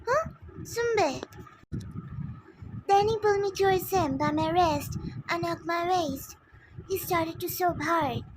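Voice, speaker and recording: A woman's voice: very high voice, background noise. A woman narrating a first-person fan fiction story in an earnest, simple way.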